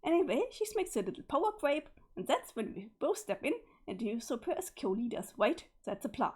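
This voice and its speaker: A smug, scheming young female troll, voiced by a woman. She teases and mocks sarcastically in a slightly raised, husky voice. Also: fairly high pitch, big pitch swings, a little fast, mellow.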